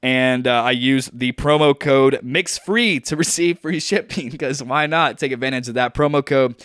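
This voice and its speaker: A young man co-hosts a podcast from home, rambling and joking with plenty of fillers. His voice is smooth and clear at a middle pitch. The sound is dry and close to the mic. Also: moderate pace, fairly bright tone, no echo. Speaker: podcast co-host. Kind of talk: casual podcast chat. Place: at home on a video call.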